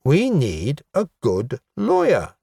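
A man's voice: on the high side, wildly swooping pitch, takes it slowly, vocal fry, warm tone, breathy edge, no echo, voice pushed up, heavily acted. A man voicing a pompous but helpless male elf lawyer, lofty and fretful in manner, recorded dry.

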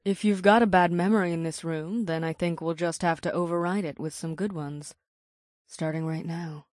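Guy doing a playful purring young woman, sing-songy and breathy-soft, high up, dry close audio. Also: fairly even intonation, moderate pace, no room sound, close to an everyday voice. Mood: purring, teasing. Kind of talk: audiobook narration.

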